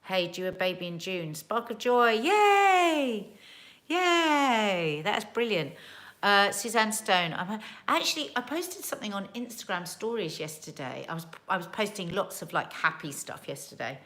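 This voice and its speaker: A woman's voice: on the low side, animated, brisk, few pauses, pushed and bright. A woman hosting a casual livestream from home, reading viewer comments aloud in a chatty, earnest and emotional way.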